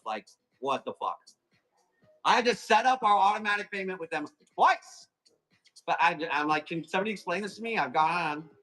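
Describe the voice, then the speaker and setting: A man hosting a live plant auction stream, chatting casually and calling quick countdowns, with a casual swear here and there. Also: on the high side, sharp tone, poor audio. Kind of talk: livestream sales chat.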